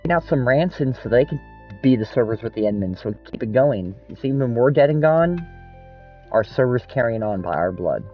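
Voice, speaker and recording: A man's voice: mid-range voice, animated, moderate pace, lo-fi sound, faint music behind. A man in casual chat, telling long rambling stories full of swearing. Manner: rambling, profane storytelling.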